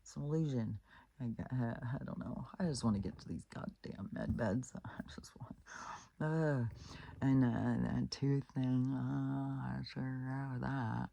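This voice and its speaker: This is a woman talking straight to her own audience in a loose, rambling vlog monologue. Her voice is dark, husky and gravelly. She restarts often and swears bluntly. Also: very deep voice, no echo. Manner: rambling, with many fillers and restarts. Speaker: spiritual vlogger. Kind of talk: casual storytelling monologue.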